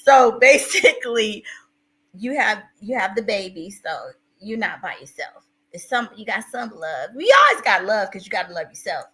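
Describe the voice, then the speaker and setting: Reading out chat messages on her casual live stream, a woman speaks emotionally, restarting her rambling thoughts and describing herself as a crier. The low-quality recording captures a medium-pitched, fairly bright voice at a moderate pace.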